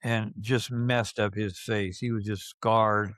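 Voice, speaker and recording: Unhurried older man in his seventies, smooth voice. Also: on the low side, flat delivery, fairly bright tone, no room sound. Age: 70s. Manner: halting, with many fillers and restarts. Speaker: interviewee recalling his youth. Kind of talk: casual reminiscing.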